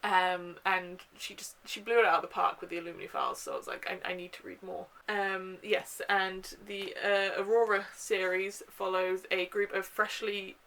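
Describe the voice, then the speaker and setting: Speaking in a sharp-toned, mid-range voice, a young woman vlogs casually at home about books she's picked up. The recording is rough, and her chatty, gushing talk is sprinkled with frequent ums and uhs.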